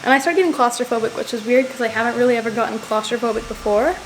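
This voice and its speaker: A young female vlogger with a fairly high pitch talks rapid-fire to the camera. Her personal story is casual and rambling, stuffed with "like."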